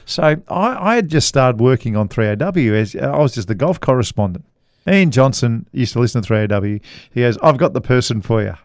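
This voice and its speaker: A middle-aged Australian man unspools a meandering golf story, pausing and restarting and chuckling as he goes. His voice sits in a middle register. The sound is close and dry. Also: mid-range voice, expressive, no room sound. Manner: rambling anecdotal storyteller, chuckles often. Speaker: podcast co-host, golf commentator. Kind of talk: casual storytelling chat.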